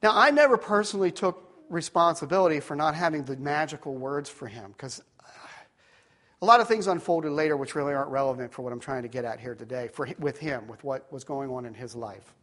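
Higher-pitched man telling a rambling story. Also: animated, brisk. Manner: rambling storyteller, drops to quiet tones for serious moments. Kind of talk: personal story in a sermon.

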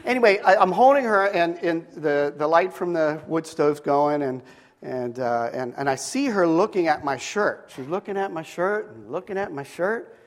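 A middle-aged pastor with a high-ish, animated voice preaches to a live audience at a Bible school, telling a story at a moderate pace in a casual, rambling way with many restarts. The sound is that of a big room.

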